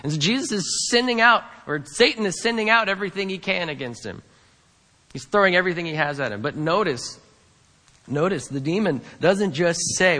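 A man's voice: sits high, lively intonation, a little fast, bright, forceful tone. A male pastor preaching a sermon in a church, earnest and emphatic, repeating key lines for weight. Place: church sanctuary. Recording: long hall reverb.

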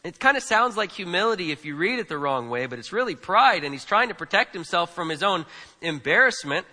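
Animated preacher in a reverberant hall. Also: male voice, sits high, fairly quick. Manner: conversational, emphatic, with frequent repetitions and tag questions. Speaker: pastor. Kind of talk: sermon.

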